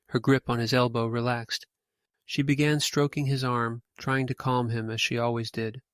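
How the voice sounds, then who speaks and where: A man reading a scripted ghost story in a measured, steady way. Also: mid-range voice, clean tone, no room sound, clean studio sound. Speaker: narrator.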